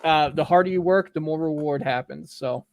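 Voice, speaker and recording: A man's voice: fairly high pitch, moderate pace, a little mellow. A man hosting a podcast in casual chat, laid-back and jokey. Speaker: podcast host.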